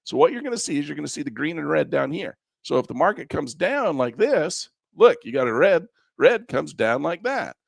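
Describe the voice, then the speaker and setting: Male instructor, gravelly and lively, folksy coaching tone, dry close recording. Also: a little high, normal speed, no room sound. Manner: folksy, repetitive coaching with chuckles. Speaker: trading instructor. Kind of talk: live screen-share trading class.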